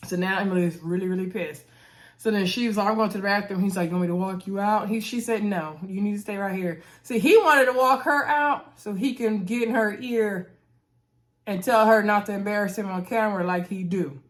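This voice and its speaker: A woman casually recapping a reality TV episode, chatty and animated, acting out what the cast said and calling out to her viewers. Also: mid-range voice, a little fast. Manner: chatty, animated, acts out quotes of cast members; uses "y'all" and "girl".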